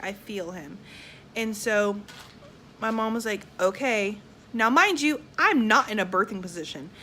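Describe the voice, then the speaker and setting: This is a young woman with a Southern US accent, casually telling a personal story straight to her viewers. Her voice is bright and forward, and she is frank and profane. She animates the tale by acting out the people she quotes, with a faint hum of noise behind her. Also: medium pitch. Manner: candid and blunt, with frequent profanity. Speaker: vlogger.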